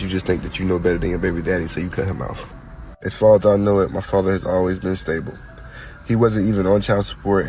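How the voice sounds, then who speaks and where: A man's voice: fairly low pitch, darkish tone, a little hiss or hum. A man telling a blunt, heartfelt story from his own childhood, his voice congested. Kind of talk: personal storytelling.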